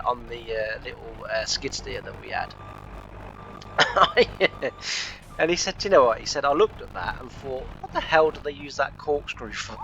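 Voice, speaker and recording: A man's voice: medium pitch, bright, forceful tone. A man, rambling through a long anecdote as a let's play host and retelling each exchange with "I said". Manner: chatty, retells with constant "I said". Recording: dull lo-fi sound with faint noise.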